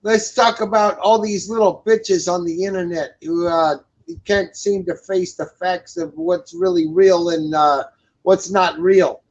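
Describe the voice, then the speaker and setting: A man's voice: sits high, fairly even intonation, a little slow. A man co-hosting a casual talk show, ranting in crude, profane language and repeating himself with many fillers. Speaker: co-host. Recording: dull lo-fi sound.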